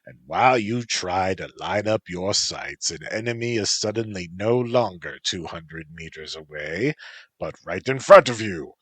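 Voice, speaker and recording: A man voicing a gruff, teasing male tengu bodyguard who speaks in a dry, mocking, unhurried way, in a storybook reading. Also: deep voice, fairly bright tone, dry recording, heavily acted.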